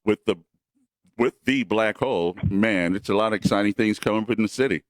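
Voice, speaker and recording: A man co-hosting a casual show, his voice low and easy. He asks questions in a relaxed manner, recorded dry and close. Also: a little fast, dry recording. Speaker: co-host. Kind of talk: casual radio chat.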